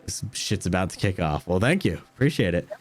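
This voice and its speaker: A man's voice: low voice, sing-song, a little fast. A man hosting a tabletop game as game master, chatting with his players after the session and laughing often. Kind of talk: post-session chat with players.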